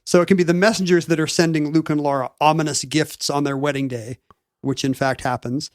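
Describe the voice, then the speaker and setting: A man co-hosting a chat podcast, explaining a topic at length with frequent pauses and restarts. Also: fairly high pitch, steady tone, no echo, studio quality. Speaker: podcast co-host. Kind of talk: casual chat, recapping a topic.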